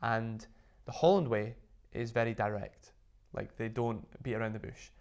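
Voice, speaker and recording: A man being interviewed as a guest, telling stories in a lively way and filling his speech with "like". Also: lowish voice, normal speed, vocal fry. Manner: animated storytelling, full of "like" fillers. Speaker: interview guest, business owner. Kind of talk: casual interview chat.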